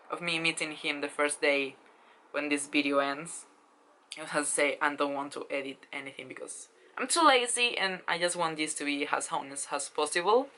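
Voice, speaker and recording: A woman in her twenties telling a story in a casual vlog, excited and gushing, with lots of fillers and swearing. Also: fairly low pitch, moderate pace, low-quality recording. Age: 20s. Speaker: vlogger.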